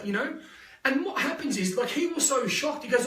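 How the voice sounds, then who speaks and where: A man's voice: very high-pitched, lively intonation, normal speed, pushed and bright, echoey room, recorded from a distance. An Australian man giving a live motivational talk, blunt and full of swearing as he tells stories. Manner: blunt, swears freely, restless storytelling. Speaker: motivational speaker.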